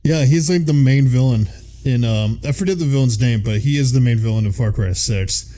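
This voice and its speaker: Mellow-voiced Midwestern American man. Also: medium pitch, fairly quick. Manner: casual, laughs often, curses freely. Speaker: podcast co-host. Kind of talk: casual chat, reading episode summaries.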